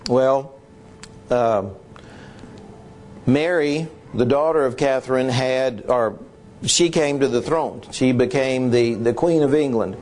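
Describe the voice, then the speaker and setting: A middle-aged man teaching history informally, halting and often clearing his throat. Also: mid-range voice, a little mellow, slight background noise.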